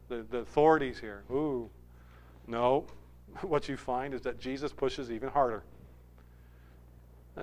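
High, smooth-voiced male preacher. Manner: emphatic preaching, swings from loud to hushed. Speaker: pastor. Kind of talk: sermon.

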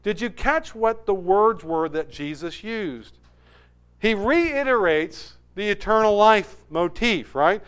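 Male pastor, high smooth voice, emphatic sermon delivery with big loud-to-quiet swings. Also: expressive, a little slow.

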